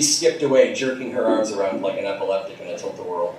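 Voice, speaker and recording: A man reads bawdy fan fiction aloud in a small theater. His delivery stays dry and deadpan between crude jokes. The sound comes from a distance and rings around the room. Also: deep voice, fast, few pauses, a little hiss or hum. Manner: deadpan storyteller with crude asides. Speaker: comedy reader. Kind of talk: comic live reading of fan fiction. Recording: distant, echoey live theater recording.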